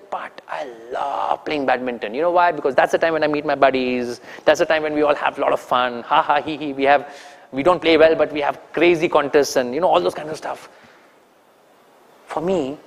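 A man with an Indian English accent giving an animated, teasing training talk to an audience, throwing questions at them. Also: a little high, brisk, gravelly, big-room sound. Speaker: corporate trainer.

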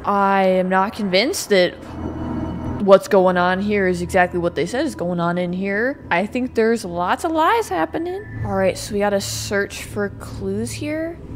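A woman streamer excitably talking to herself while playing a game, swearing and reacting loudly. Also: mid-range voice, measured pace, background noise. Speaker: gameplay streamer. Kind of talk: let's play commentary.

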